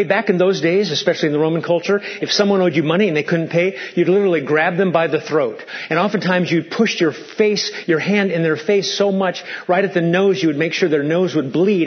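A man's voice: on the high side, lo-fi sound. A man preaching a sermon as pastor, emphatic and fond of stacked rhetorical questions.

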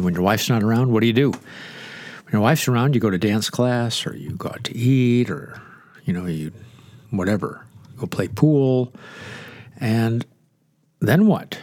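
An older man delivers a conversational radio sermon in a low, nasal voice, stuffy from inflamed sinuses. He is chatty and jokes in asides. The sound is dry and close, with no room around it. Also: no echo. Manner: chatty, joking asides, lively emphasis. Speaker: radio Bible teacher.

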